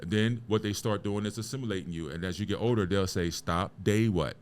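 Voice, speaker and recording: A man's voice: on the low side, a little fast, slight background noise. A man hosting a podcast, giving an emphatic, preachy motivational talk full of rhetorical questions and casual swearing. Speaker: podcast host.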